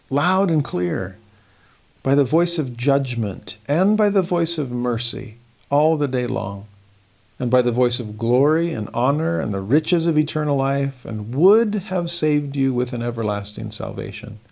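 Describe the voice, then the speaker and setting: A man with a gravelly, fry-edged voice at a middle pitch, teaching scripture in a devotional lesson. He reads verses slowly and earnestly, pressing upward in emphasis on key phrases. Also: lively intonation, darkish tone. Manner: slow, earnest reading of verses with emphatic rises.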